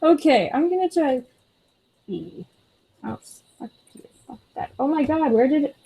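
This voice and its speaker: A woman's voice: sits high, sing-song, unhurried, creaky, mellow, low-quality recording. A woman co-hosting a casual chat, exasperated and swearing while she scrolls for a comment. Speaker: co-host.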